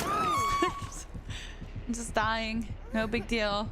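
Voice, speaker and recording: A woman's voice: mid-range voice, normal speed. A young woman live streaming as she plays a game, chatting casually with her viewers, swearing and laughing often. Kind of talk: casual live-stream chat while gaming. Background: music.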